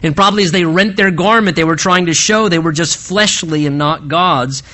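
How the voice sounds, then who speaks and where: Pastor, male, sermon delivery; bright, slightly high voice with dramatic swings from loud peaks to hushed lows. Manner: swings between soaring emphasis and hushed low phrases; earnest and emphatic, with drawn-out slow stresses.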